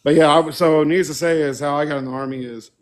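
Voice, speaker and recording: A man's voice: on the high side, fairly even intonation, fast talker. A man telling profane army stories in casual chat with friends. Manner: profane storyteller, does voices of people he quotes. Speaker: podcast co-host.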